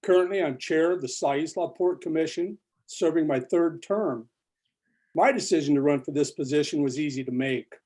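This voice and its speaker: A man's voice: on the high side, moderate pace, darkish tone. A man, a candidate, giving a prepared opening statement at a forum.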